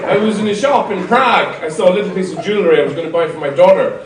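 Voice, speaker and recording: A middle-aged man, doing stand-up comedy in a rambling, wry way with sudden loud outbursts. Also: high-pitched, animated, rapid-fire. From Ireland. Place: large concert hall before an audience. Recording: roomy hall sound from a distance with noise.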